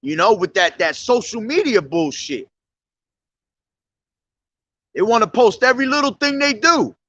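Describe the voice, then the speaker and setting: A man's voice: high-pitched, lively intonation, unhurried, sharp tone, no echo, dull audio. A man preaching on the street in a blunt, profane, confrontational way.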